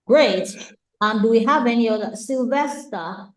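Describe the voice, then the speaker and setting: A woman's voice: a little high, measured pace, roomy sound, rough recording. A woman hosting an online webinar, politely directing participants and answering questions over a video call. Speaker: webinar host.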